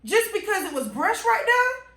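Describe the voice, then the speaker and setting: A woman vlogger telling an animated, exasperated story to her viewers. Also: very high-pitched, moderate pace. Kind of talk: storytime vlog. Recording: roomy echo.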